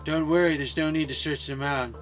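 A guarded young woman who leads a rebel team, voiced by a man reading aloud. The slightly raised voice stays plain and steady, with game music faint in the background. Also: on the high side, a little fast, natural voice. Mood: sincere. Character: secretive young female team leader.

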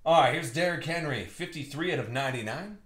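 Give me an excited young man calling out cards on a live break, in a roomy, echoey space. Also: on the high side, quick pace. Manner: excited, slangy, calls out cards and buyers. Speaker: card break host. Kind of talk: live stream card break commentary. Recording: roomy echo.

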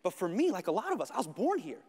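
A male comedian in his thirties tells a story on a theater stage, his high voice leaping up and down. He swings from shouting to hushed asides. A long reverb fills the hall. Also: fast, husky. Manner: animated, expressive, shifts between shouting and hushed. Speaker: stand-up comedian. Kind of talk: stand-up storytelling.

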